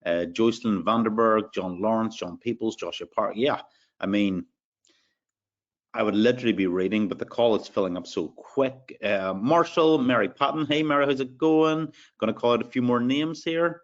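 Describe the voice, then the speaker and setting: A man's voice: fairly low pitch, normal speed, lo-fi sound. A man with an Irish accent hosting a live sales webinar, upbeat as he reads out attendees' names. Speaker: webinar host.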